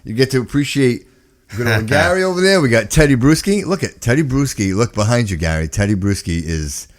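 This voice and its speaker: A man's voice: mid-range voice, lively intonation, a little fast. A man hosting a casual live-stream chat, upbeat and jokey, calling people brother. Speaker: host.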